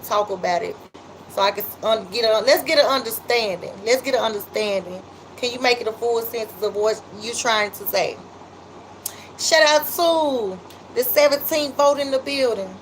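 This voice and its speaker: A woman with a Memphis accent chats on a livestream, reading out comments and shouting out her viewers. Her voice sits a little high and she talks in a loose, drawn-out way. There is a faint hiss under the recording. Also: low-quality recording. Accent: Memphis, Southern US. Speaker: livestream host.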